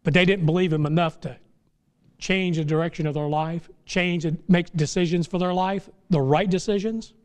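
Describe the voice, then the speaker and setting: High-voiced preacher man, folksy, building to fervor. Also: steady tone, moderate pace, a little mellow, clear, resonant tone. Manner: folksy, rises to impassioned crescendos. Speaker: pastor. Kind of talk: sermon.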